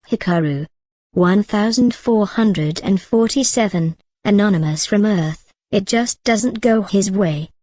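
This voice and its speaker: A woman giving a scripted web novel reading, working through numbered chat posts in a steady, even manner. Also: mid-range voice, no room sound. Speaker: narrator.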